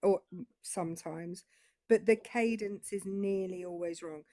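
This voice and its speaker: A woman's voice: mid-range voice, unhurried, no room sound, studio quality. A British woman with a British English accent, explaining in casual panel chat. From Britain. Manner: explanatory, lively, talks it through.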